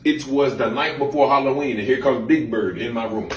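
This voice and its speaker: A man's voice: brisk, reverberant, distant mic, slight background noise, lightly acted. A man playing a cheating boyfriend who makes defensive excuses from his hotel room. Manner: defensive, deep, lively excuses. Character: caught boyfriend hiding at a hotel.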